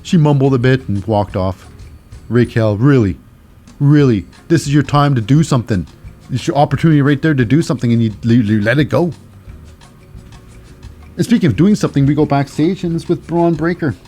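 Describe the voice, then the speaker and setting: A man's voice: medium pitch, fairly quick, long pauses, warm tone, slightly rough, faint music behind. Rambling male podcast host. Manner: rambling, with many fillers and restarts. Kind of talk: casual wrestling recap.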